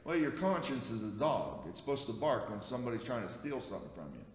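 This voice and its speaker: A man's voice: medium pitch, sing-song, fast talker. A male pastor preaching a sermon in a folksy, conversational way, dropping in frequent amens. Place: church sanctuary. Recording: echoey church hall.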